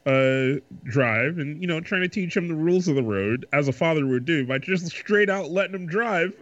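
A man's voice: a little high, expressive, normal speed, a bit bright. A man co-hosting a podcast in casual chat, wry and profane, laughing through his sentences. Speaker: podcast co-host. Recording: dull lo-fi mic.

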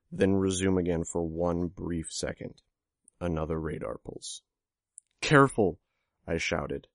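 A man with a deep voice reads a story as an audiobook narrator, telling first-person fiction. The recording is dry, with a clean studio sound.

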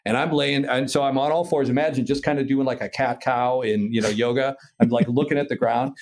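A man's voice: mid-range voice, normal speed. An American man telling a story casually, swearing freely and acting out voices and sound effects. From United States. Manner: animated, profane, acts out voices and sound effects.

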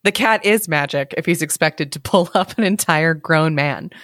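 A woman's voice: deep voice, moderate pace, fairly bright tone, dry recording, clean studio sound. A young woman podcast co-host chatting casually, laughing often and reacting to a story. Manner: casual, laughing, many "like" fillers. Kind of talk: casual chat.

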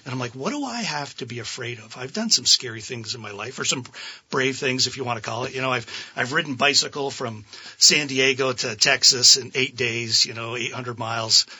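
A man being interviewed as a guest, telling a story in an animated way, laughing often and acting out what people said. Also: mid-range voice, brisk, husky.

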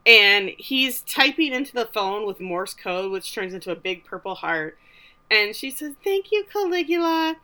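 A woman co-hosting a casual podcast, retelling a TV episode and acting out the characters' lines in animated voices. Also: medium pitch, measured pace. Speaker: podcast co-host recapping a TV episode. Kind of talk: casual chat.

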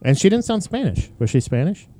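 Rambling young man with a lively voice. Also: high voice, a little fast. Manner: rambling, crude, full of fillers and restarts. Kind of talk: casual chat reacting to videos.

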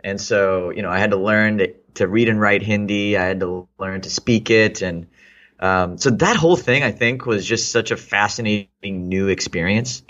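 A man's voice: fairly low pitch, normal speed, fairly bright tone, muffled recording. A man in his thirties from Texas, a guest in a casual interview, reflecting aloud with many fillers and restarts. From Texas, United States.

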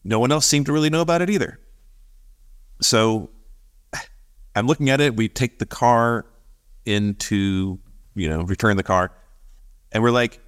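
A man co-hosting a podcast, telling a story in casual chat, animated, acting out the voices of the people he quotes and laughing often. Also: mid-range voice, normal speed, pauses often. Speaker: podcast co-host.

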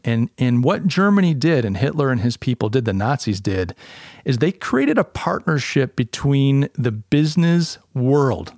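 A man's voice: mid-range voice, a little mellow, dry recording, studio quality. A man from the United States hosting a podcast, talking in a casual, opinionated, rambling monologue with frequent restarts. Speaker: podcast host.

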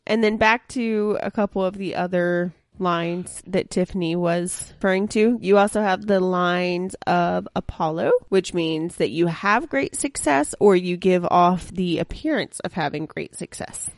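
Woman, podcast co-host, casual chat, laughs a lot, low voice, dry sound. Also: a little slow, few pauses, dry recording. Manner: chatty, laughs often. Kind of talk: casual chat, reading a palm.

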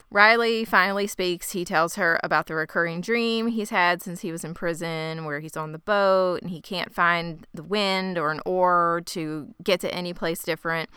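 A woman's voice: on the low side, fairly even intonation, normal speed, hardly any pauses, sharp tone, clean tone, no echo. A woman co-hosting a podcast, recapping a show in casual chat with blunt, dry remarks and some swearing. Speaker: podcast co-host.

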